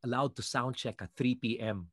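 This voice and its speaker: Man telling lively stories, dry sound. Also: medium pitch, brisk, no room sound. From Philippines. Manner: lively, acts out what others said. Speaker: guest singer. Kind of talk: animated storytelling.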